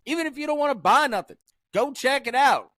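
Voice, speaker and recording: A man's voice: very high-pitched, lively intonation, a little fast, fairly bright tone, dry recording. A man co-hosting a podcast, doing plugs and the sign-off in a brash, profane, pushy way. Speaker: podcast co-host.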